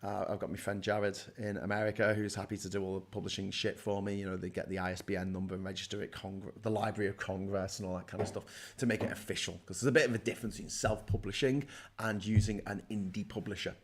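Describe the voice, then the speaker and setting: A man's voice: on the low side, little pitch movement, fast, slight background noise. A middle-aged man hosting a casual livestream from his desk, rambling, swearing and joking as he reads out viewer comments. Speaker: live show host.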